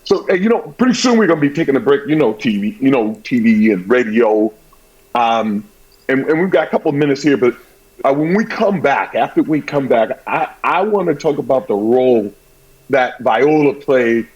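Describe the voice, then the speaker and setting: A man hosting a sports talk show, chatting in an animated, fast way and sharing a childhood story. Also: medium pitch. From Southern US. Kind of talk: casual talk show chat. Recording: dull, lo-fi sound.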